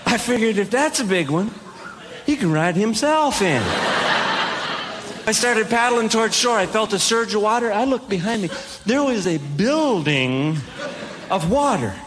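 A man doing stand-up comedy, telling self-deprecating stories in an animated way and acting out the dialogue. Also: sits high, normal speed, noisy background.

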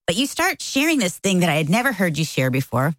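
Talking fast, a middle-aged woman co-hosting a casual talk show recounts a story and animatedly voices the quotes with sharp pitch jumps. There's no room sound, but the recording quality is low.

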